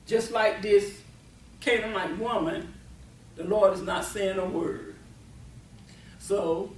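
A woman's voice: medium pitch, a little hiss or hum. A woman preaching a sermon at a deliverance meeting, emphatic, laughing often and repeating and restarting her words. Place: meeting venue. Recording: echoey room, voice from far off.

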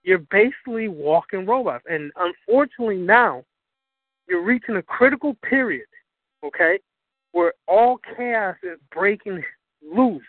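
A man's voice: high voice, lively intonation, a little slow, no echo. A man giving an impassioned, profane lecture on spirituality, preaching and hammering his points home. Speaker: spiritual teacher. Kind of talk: impassioned lecture on a call-in broadcast. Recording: dry tinny phone line.

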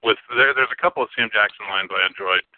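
Low-voiced man chatting about movies. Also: fast, dry recording. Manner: rambling, repeats words while searching for them. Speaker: podcast co-host. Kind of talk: casual film chat. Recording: tinny phone-like sound.

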